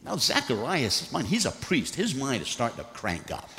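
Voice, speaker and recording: A man preaching a sermon and reading scripture aloud, swinging between loud bursts and hushed, earnest moments. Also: medium pitch, wildly swooping pitch, moderate pace, a little hiss or hum. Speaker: pastor. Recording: long hall reverb.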